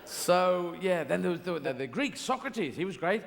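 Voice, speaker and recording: Male stand-up comic, rambling and whimsical, slightly high, gravelly edge; live theatre recording with a long reverb tail and audible crowd. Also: very animated, moderate pace, noisy background. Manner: rambling, whimsical, slips into silly voices. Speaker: stand-up comedian. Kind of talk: stand-up comedy routine. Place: large theatre stage.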